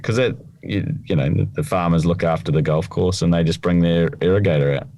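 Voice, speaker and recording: A man's voice: low voice, brisk, warm tone, no room sound. A man co-hosting a casual podcast, rambling and hesitant, often trailing off mid-thought. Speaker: podcast co-host.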